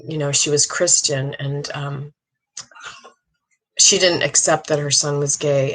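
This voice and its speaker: A middle-aged woman, a psychic medium, giving an earnest, halting monologue with many restarts. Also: low-pitched, low-quality recording. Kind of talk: casual monologue.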